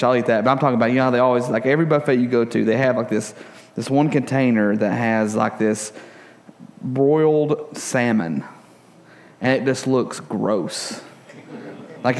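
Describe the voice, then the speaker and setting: A young adult man preaching a casual sermon, telling stories with jokes and lots of fillers. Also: mid-range voice. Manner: casual, joking, animated storytelling with many fillers. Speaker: pastor.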